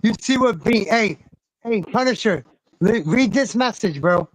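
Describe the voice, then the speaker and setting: Excitable swearing man streaming a game. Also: high-pitched, measured pace, no echo, poor audio. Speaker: streamer host. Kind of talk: casual stream chat while gaming.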